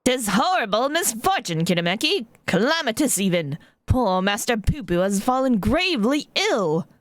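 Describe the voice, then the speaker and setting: A woman's voice: a little high, sing-song, moderate pace, dry recording, studio quality, voice pushed up. A woman voicing a worried, formal townswoman as she reads game dialogue aloud, with dramatic, old-fashioned phrasing.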